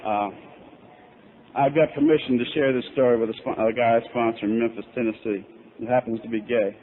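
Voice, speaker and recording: A man's voice: medium pitch, steady tone, a little fast. A middle-aged man telling his recovery story at a convention, candid and self-mocking. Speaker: recovery speaker. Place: convention hall. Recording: tinny lo-fi tape with faint hiss.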